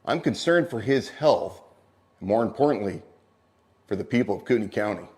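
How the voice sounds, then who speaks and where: Man, political commentary, measured and concerned delivery. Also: lowish voice, lively intonation, a little mellow.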